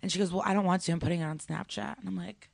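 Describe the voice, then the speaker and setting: A woman's voice: fairly low pitch, rapid-fire, vocal fry, no echo. A woman stand-up comedian telling stories in casual chat, acting out the voices of people she quotes. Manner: animated storytelling, acts out quotes.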